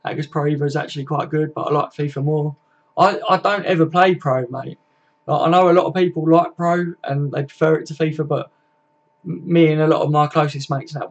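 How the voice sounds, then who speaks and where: A man's voice: on the high side, husky. A young man hosting a casual live stream from his home computer setup, chatty and matey and swearing freely. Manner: chatty and matey, swears often, reads chat aloud. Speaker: livestream host.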